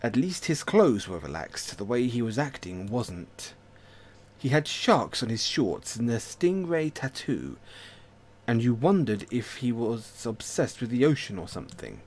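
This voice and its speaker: A man streaming himself reading a story game aloud, narrating in an expressive way with self-mocking asides. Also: mid-range voice, measured pace.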